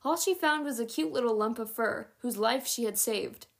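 A woman narrating a chapter book aloud in a steady, even read-aloud manner. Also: a little high, normal speed, gravelly. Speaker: audiobook narrator.

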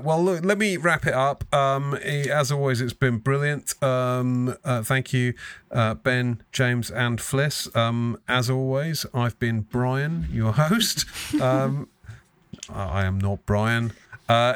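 A man's voice: mid-range voice, slow, a bit bright, clean tone, no echo. A man hosting a casual podcast chat, joking and swearing freely. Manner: sweary, self-mocking. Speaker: podcast host.

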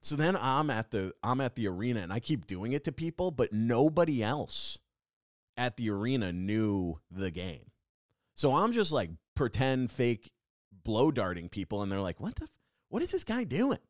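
A young adult man hosting a podcast, telling a comedic story in a rambling, animated way full of fillers and restarts. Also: medium pitch, moderate pace, no room sound, studio quality. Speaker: podcast host.

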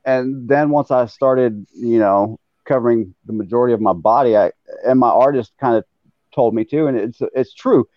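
A man's voice: mid-range voice, moderate pace, no room sound, muffled recording. A man in casual chat, explaining things in a plain, matter-of-fact way.

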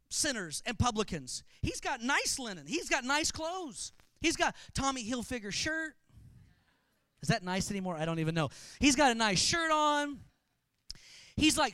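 A man preaching a sermon, telling humorous stories with animated delivery. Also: very high-pitched, moderate pace, no room sound. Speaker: pastor.

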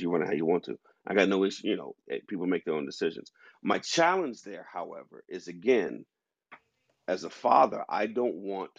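A man with a low, husky voice holds forth as a podcast host, pressing his argument with firm emphasis. The sound is a bit dull and lo-fi. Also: dry recording. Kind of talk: opinionated discussion.

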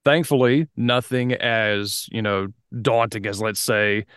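A man's voice: lowish voice, takes it slowly, a bit bright, clear, resonant tone, no echo, clean studio sound. Easygoing man hosting a podcast. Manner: easygoing, chatty, laughs often. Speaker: podcast host. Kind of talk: casual interview chat.

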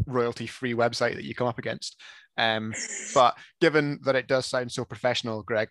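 A man's voice: mid-range voice, no room sound. Teasing, chatty man, dry sound. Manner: relaxed, chatty, teasing, lots of ums. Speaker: podcast co-host. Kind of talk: casual chat.

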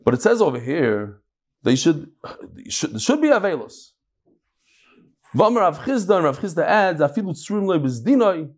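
Animated man teaching Talmud. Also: moderate pace, pauses often, slightly rough. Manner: animated storytelling, lively shifts in pitch. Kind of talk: casual Talmud lesson with jokes.

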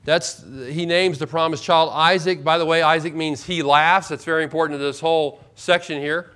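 A man preaching a sermon as pastor, emphatic, slowing right down to stress key words. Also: a little high, steady tone, pushed and bright, smooth. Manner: emphatic, with slow drawn-out stresses.

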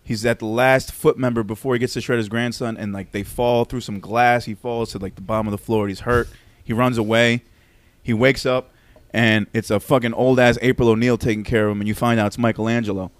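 A man's voice: mid-range voice, fairly even intonation, fairly quick, no room sound. Laughing, profane man in casual chat. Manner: profane, joking, laughing a lot; talks while strapped into a back massager. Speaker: podcast co-host.

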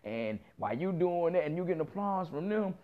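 A man in his thirties tells a late-night story and then lectures his listeners, talking loosely and profanely in heavy slang. His voice sits a bit high for a man, and the recording comes through muffled and lo-fi. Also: a little fast. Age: 30s. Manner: profane, animated, lots of quoted dialogue and slang. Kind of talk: casual storytelling rant.

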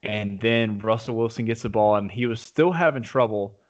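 A man in casual sports talk, telling a game story with excited, rambling restarts. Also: fairly low pitch, moderate pace. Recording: dull lo-fi audio.

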